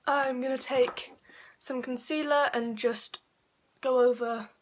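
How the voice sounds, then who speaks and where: A woman, chatting casually through a makeup tutorial with frequent fillers and quick self-corrections. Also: sits high, fairly even intonation. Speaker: beauty vlogger.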